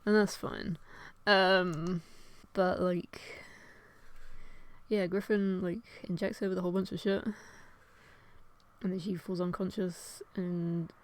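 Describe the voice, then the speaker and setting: A woman's voice: on the low side, level tone, takes it slowly, pauses often. A young woman chatting casually while she draws, rambling, swearing often and laughing at herself as she retells an old story. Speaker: artist and vlogger. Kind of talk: casual chat while drawing.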